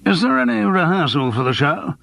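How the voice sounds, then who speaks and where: A worldly lawyer with a gravelly edge, as a male audiobook narrator puts him on, teasing and wry. His voice swings lively up and down, a little higher than the narrator's own. The sound is dry and close. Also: fairly quick, no echo, heavily acted. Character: Gerald, worldly male lawyer, old friend. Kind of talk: audiobook character voice.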